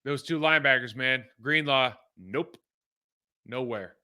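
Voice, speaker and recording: A man's voice: mid-range voice, a little slow, clear, resonant tone. A middle-aged man from California, a former pro football player, talks casually and animatedly as he breaks down game film. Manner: conversational and animated, with fillers like "man" and "like".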